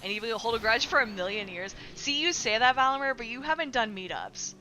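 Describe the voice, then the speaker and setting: Woman streamer, bright and forceful tone, loose rambling chat with swearing, faint background music. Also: on the high side, expressive, fairly quick. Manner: rambling, lots of filler likes, swears casually. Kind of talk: casual chat with live chat.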